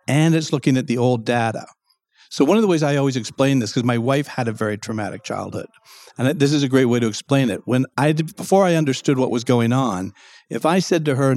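A man's voice: mid-range voice, brisk, darkish tone, no echo. A man, a guest expert in an interview, explaining at length and acting out quoted speech in a raised voice.

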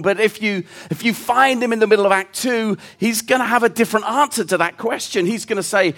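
High-voiced man preaching a sermon. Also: fairly quick, hardly any pauses, fairly bright tone. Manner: storytelling, earnest and reflective.

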